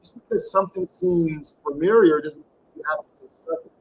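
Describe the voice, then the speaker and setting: A man's voice: a little high, brisk, breathy edge, low-quality recording. A man giving live-streamed tarot readings in a slangy, encouraging way, greeting viewers and calling them baby. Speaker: tarot reader.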